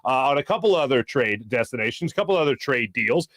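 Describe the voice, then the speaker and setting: A man hosting a sports talk show, talking fast and breaking into quick impressions when he quotes people. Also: mid-range voice, dry recording, clean studio sound. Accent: Philadelphia. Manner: animated, jumps into voices for quotes. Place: studio.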